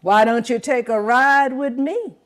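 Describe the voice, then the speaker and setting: A sly, well-mannered buzzard who hides his hunger behind courtesy, as a woman storyteller puts him on. He speaks slowly in a fairly high voice and treats every greeting like bait, in a folk tale told aloud. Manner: polite, oily courtesy. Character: smooth-talking gentlemanly trickster buzzard, male.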